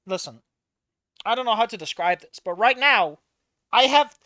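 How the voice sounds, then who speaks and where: A woman with a slightly high, fairly bright voice reacts to a fan fiction story she's reading, animated and pausing often at a measured pace. She's casual, emotional and exasperated, swearing a lot as she vents her frustration, on a dry recording.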